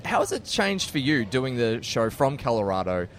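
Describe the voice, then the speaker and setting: A man's voice: medium pitch, sing-song, moderate pace. A man co-hosting a podcast, talking in a thoughtful, rambling way with many restarts. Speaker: podcast co-host. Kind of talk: casual podcast chat.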